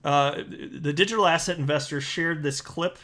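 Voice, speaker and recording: Blunt opinionated man, slightly high voice. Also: normal speed, fairly bright tone. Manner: blunt, scornful opinionated delivery with restarts. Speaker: crypto commentary host. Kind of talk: casual commentary monologue.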